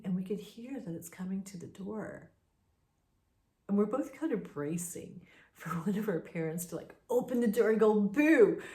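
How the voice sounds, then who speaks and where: A woman's voice: mid-range voice, darkish tone. A woman casually telling a personal ghost story in a chatty, conversational way. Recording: roomy echo.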